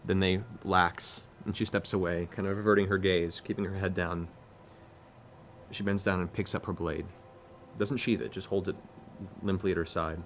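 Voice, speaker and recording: Low-voiced man narrating a game. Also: little pitch movement, slight background noise. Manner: descriptive, hesitant fillers, measured. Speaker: game master.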